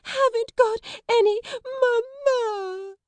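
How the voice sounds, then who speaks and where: A woman voicing a spoiled little girl who howls and sobs in shrill wails, in a storybook reading. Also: very animated, unhurried, a little mellow, no echo. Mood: wailing. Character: small spoiled girl, wailing and howling.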